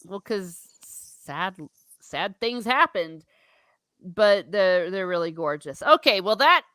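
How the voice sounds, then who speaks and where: A woman from Ireland hosting a casual book discussion stream, animated and quick to laugh, often restarting her sentences. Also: mid-range voice, clean tone, no echo. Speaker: livestream book discussion host. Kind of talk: casual chat with live chat readers.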